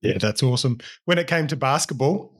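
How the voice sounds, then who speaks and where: A man's voice: mid-range voice, expressive, fairly quick, breathy edge. A man hosting an interview, asking short questions with brief, encouraging remarks. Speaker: podcast host.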